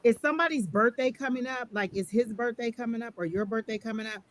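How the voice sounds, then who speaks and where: A man giving a live online psychic tarot reading, gentle and reassuring, who often repeats phrases. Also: extremely high pitch, fast.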